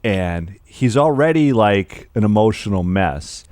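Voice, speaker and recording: A man co-hosting a podcast, retelling film scenes in an animated, laughing way. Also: lowish voice, measured pace, no echo, studio quality. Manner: animated storyteller, laughs often, acts out film lines. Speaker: podcast co-host. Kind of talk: casual film discussion.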